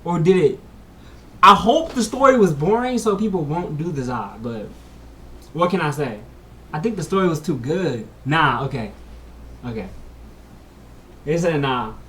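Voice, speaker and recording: A vlogger telling a story in slangy casual chat, saying "bro" a lot, moving between mumbled asides and loud excited bursts. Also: mid-range voice, unhurried, pauses often, far from the mic. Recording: echoey room, voice from off the mic, faint hiss.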